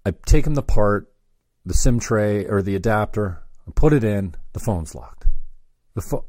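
A man's voice: on the low side, expressive, moderate pace, a little mellow, no echo, clean studio sound. A man telling a long, rambling story, cursing and cutting himself off mid-sentence. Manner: rambling, self-interrupting, profane.

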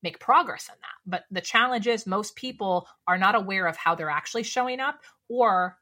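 A woman speaking coach, a podcast guest, talking in a lively, casual way and firing off rhetorical questions. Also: mid-range voice, moderate pace.

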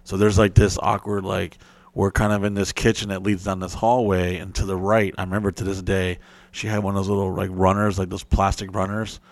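A young adult man telling a profane, animated story on a podcast, acting out his friends' voices. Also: sits low, a little fast, no room sound. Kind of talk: crude storytelling.

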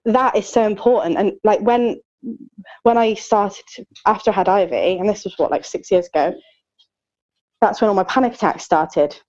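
A woman's voice: mid-range voice, moderate pace, darkish tone. Woman, thirties, candid podcast chat, lots of fillers, muffled lo-fi recording. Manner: open and chatty, many fillers, joking self-deprecation.

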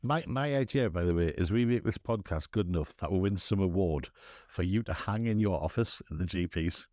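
A man's voice: deep voice, fairly quick, warm tone, no echo, studio quality. A man co-hosting a podcast, casual and jokey, laughing often. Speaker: podcast co-host. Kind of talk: casual chat.

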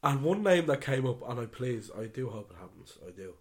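A man co-hosting a football podcast, ranting animatedly and swinging between loud outbursts and muttered asides. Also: medium pitch, sing-song, brisk. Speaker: podcast co-host. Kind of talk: casual football chat.

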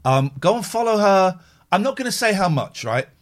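A middle-aged man hosts a casual livestream chat. His voice sits slightly high, and he jumps all over his range as he acts out the people in his anecdotes. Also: very animated, moderate pace. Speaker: livestream host.

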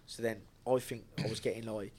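A man's voice: lowish voice, steady tone, a little fast, darkish tone. A young man, a guest telling stories in a casual podcast chat, slangy and laughing often. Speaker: podcast guest, bare knuckle fighter.

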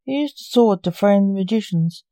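Calm reaper necromancer, read by a woman. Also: medium pitch, normal speed, no echo, close to an everyday voice. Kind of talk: storybook reading.

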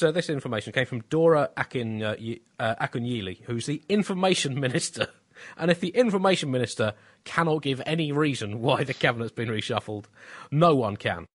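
A man co-hosting a comedy podcast with a middling, ordinary pitch. He talks in a dry, ironic way, lifts his voice to read out phrases, then drops into quiet wry asides. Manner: dry, ironic, swings between bright and low asides. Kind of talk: satirical comedy chat.

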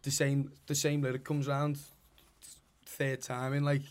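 A man's voice: mid-range voice, completely flat delivery, unhurried, clear, resonant tone. Rambling sweary Scouse man. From Liverpool, England. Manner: rambling, sweary, lots of "you know what I mean". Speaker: musician. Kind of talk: casual podcast chat.

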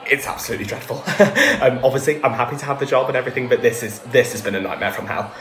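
A man's voice: mid-range voice, fast talker, a bit bright, reverberant, close to an everyday voice. A man playing a flustered ceremony organiser who rants in a chaotic way and laughs as he talks. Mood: exasperated. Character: frazzled male ceremony organiser, honest, exasperated. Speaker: interviewee on a comedy sketch. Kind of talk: improvised comedy sketch.

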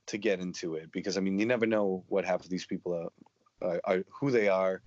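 A man's voice: deep voice, steady tone, brisk, a little mellow, no room sound, dull audio. A man telling rambling, profanity-laced stories in a casual chat. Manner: profane, rambling, matter-of-fact.

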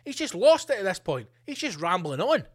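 A man hosting a podcast, ranting comedically with plenty of swearing and animated asides. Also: sits high, a little fast. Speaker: podcast host. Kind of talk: comedic rant.

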